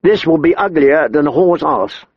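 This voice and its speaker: A small, cheeky squire who meets danger with a wry, cheerful quip, as a narrator puts him on. The voice is lightly raised above the reader's gravelly own, recorded dry and dull. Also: male voice, on the high side, lively intonation, moderate pace, dry recording.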